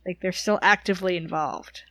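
A woman playing a tabletop game, excitable and easily exasperated. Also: fairly low pitch, a little fast, dry recording. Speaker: player.

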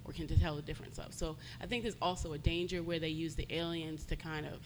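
A woman's voice: low voice, level tone, fast talker, noisy background. A woman panelist on a fan panel, making pointed, analytical remarks.

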